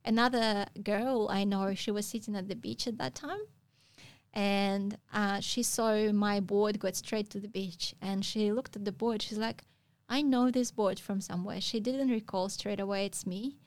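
A woman's voice: medium pitch, steady tone, no room sound. Woman telling a story. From Russia. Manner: halting non-native phrasing with frequent pauses. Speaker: guest. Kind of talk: casual storytelling interview.

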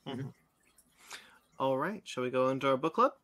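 A man's voice: medium pitch, expressive, normal speed, a bit bright. A man hosting a podcast, chatting casually and searching for words as he gives his opinion. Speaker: podcast host. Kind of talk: casual review chat.

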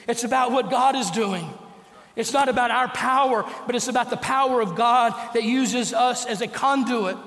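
An older man preaching a sermon as pastor, telling stories and dropping to a hush for emphasis. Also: high-pitched. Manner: storytelling preacher, slows and drops to a hush for emphasis. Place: church sanctuary. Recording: echoey church hall.

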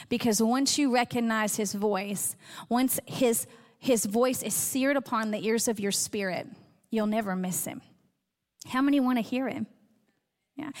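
A woman's voice: on the high side, fairly bright tone. A middle-aged woman pastor giving an earnest, conversational sermon, acting out little quoted exchanges as she teaches. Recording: long hall reverb.

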